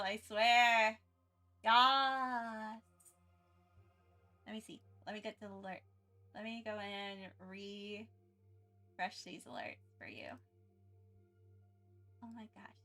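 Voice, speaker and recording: A woman art streamer chats casually with her livestream viewers, excitable and rambling, frequently starting her sentences over. Her voice is a little high.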